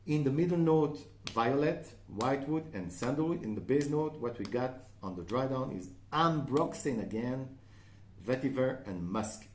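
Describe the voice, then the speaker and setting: A man's voice: mid-range voice, expressive, normal speed, darkish tone, slight background noise. French-accented man reviewing perfume, roomy sound. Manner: chatty, frequent "okay?" and "uh" fillers. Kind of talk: casual spoken review.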